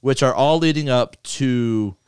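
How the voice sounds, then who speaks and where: Guy hosting a chill movie podcast, smooth clear voice, dry close sound, swears a lot. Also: mid-range voice, darkish tone, no echo. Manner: loose, profane, reads lists quickly. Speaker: podcast host. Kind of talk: casual movie podcast chat.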